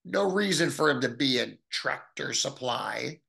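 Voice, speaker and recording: Middle-aged man, gravelly and bright, animated storyteller who voices the people in his tale. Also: a little slow. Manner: animated, acts out quoted voices with big pitch jumps. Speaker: guest telling his story. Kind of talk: storytelling in an interview.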